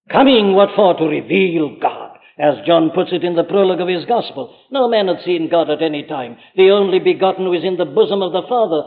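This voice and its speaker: A man's voice: high voice, creaky. An older man with a Welsh accent preaching an earnest, urgent sermon from a church pulpit, full of rhetorical questions. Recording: phone-like archive recording in a reverberant hall.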